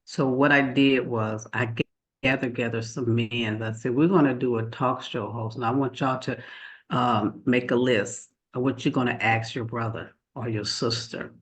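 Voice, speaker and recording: A man on a talk panel speaks casually and plainly, telling his story with church-style affirmations mixed in. His pitch is ordinary and middle-of-the-road. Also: steady tone, moderate pace.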